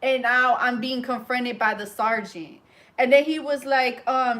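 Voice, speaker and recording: A woman hair braider talking casually while she works, telling an animated, slangy story and chatting to her viewers. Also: a little high, unhurried. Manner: animated, slangy, acts out quoted voices; chatty, talks to viewers as y'all.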